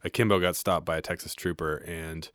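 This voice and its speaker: Brief: man, band member, low voice, dramatic storyteller, dry mic. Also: steady tone, a little fast, a bit bright, no room sound. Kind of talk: casual chat, storytelling.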